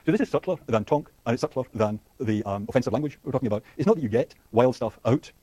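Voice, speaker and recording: A man lectures at high speed, with frequent fillers, restarts and questions to the class. His voice is dark and slightly husky. The recording is dry and close. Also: animated, dry recording. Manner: rapid, thinking aloud with frequent fillers and restarts; asks the class questions and laughs lightly. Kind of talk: university lecture.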